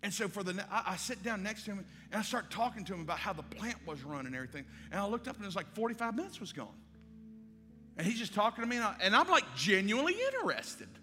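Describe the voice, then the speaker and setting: A man's voice: high voice, sing-song, fast, sharp tone. A male pastor, telling a story in a sermon and acting out the dialogue. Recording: live hall with long reverb and faint music.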